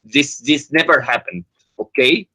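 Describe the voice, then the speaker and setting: A man defending his view in a heated religious debate, halting and asking for time to answer. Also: medium pitch, sharp tone, husky, low-quality recording. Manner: defensive, halting, asks for a second.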